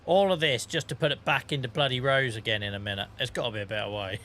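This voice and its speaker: A man's voice: mid-range voice, fairly even intonation, fast, pushed and bright, soft background music. A man with a Norfolk accent chatting casually with his live-stream chat while playing, laughing often and reading out messages. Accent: Norfolk English. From England. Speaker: game streamer.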